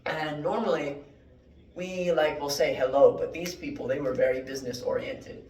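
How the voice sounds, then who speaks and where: A man giving a mock classroom lecture, rambling through deadpan fake word origins with many fillers. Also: fairly high pitch, normal speed, slight background noise. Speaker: joke Latin teacher. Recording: echoey room, mic at a distance.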